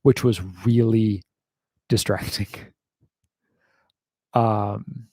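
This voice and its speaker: A man's voice: fairly low pitch, flat delivery, drawn-out words, warm tone, no echo. An American man hosting a casual livestream Q&A, rambling wryly with lots of fillers and the odd swear. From United States.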